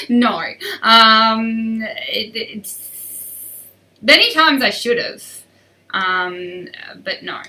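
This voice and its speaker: A woman's voice: a little high, extremely slow, pauses often, sharp tone, recorded from a distance, poor audio. Upbeat woman coach answering live questions. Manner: chatty, upbeat, reads out and answers viewer questions. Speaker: riding coach. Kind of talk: live-stream Q&A.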